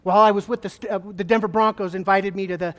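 High-voiced man testifying in an echoing hall. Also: steady tone, a bit bright. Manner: earnest, halting storytelling with repetitions. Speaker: former state trooper giving his testimony. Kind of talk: emotional personal testimony to an audience. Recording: long hall reverb.

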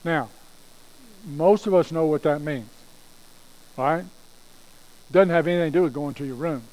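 Folksy male storyteller, warm and mellow, slightly high; chatty asides. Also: normal speed, poor audio.

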